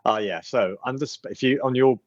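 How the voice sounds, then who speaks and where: A man narrating as game master, halting often with ums and restarts. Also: mid-range voice, dry recording, lo-fi sound.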